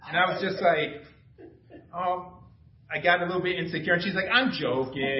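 A middle-aged man with a somewhat high voice preaches in a loose, chatty way, asking the room questions. He is heard from a distance in an echoey room, and the sound is a little dull with faint background noise. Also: brisk. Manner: informal, self-deprecating, asks the room questions. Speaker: pastor. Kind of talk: conversational sermon. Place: small church room.

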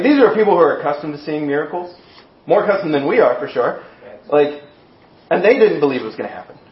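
Animated male preacher in an echoey room. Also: on the high side. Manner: animated storytelling, acting out voices. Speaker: pastor. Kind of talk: sermon. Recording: echoey room, dull sound.

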